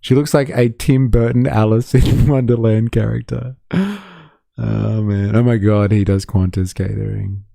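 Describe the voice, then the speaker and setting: A man's voice: on the low side, fairly even intonation, measured pace, gravelly, dark tone, no echo, studio quality. A man with an Australian accent giving sardonic, swearing live-stream commentary and reading out chat comments.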